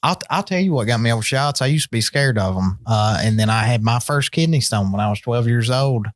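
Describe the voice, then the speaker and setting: A man's voice: medium pitch, expressive, fairly quick, no room sound. A young man co-hosting a podcast, talking in a laid-back, rambling way with lots of cursing. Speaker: podcast co-host. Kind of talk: casual chat.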